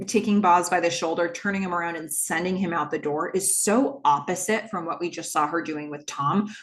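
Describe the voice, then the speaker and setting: Lower-voiced woman recapping a show. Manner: animated retelling, many "like"s and ums. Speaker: podcast host. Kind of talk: casual episode recap.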